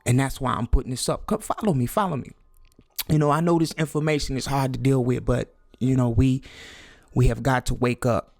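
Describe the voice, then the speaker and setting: Speaking at a medium pitch in a dry, studio-quality recording, a man vlogs about conspiracies. He keeps telling his viewers to wake up, repeats himself in a sermonizing tone, fumbles his words, and falls into a hushed whisper for emphasis.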